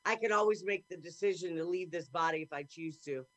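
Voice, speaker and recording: A woman hosting a podcast, talking in a rambling, earnest way and thinking out loud. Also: lowish voice, brisk. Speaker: podcast host. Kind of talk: casual conversation.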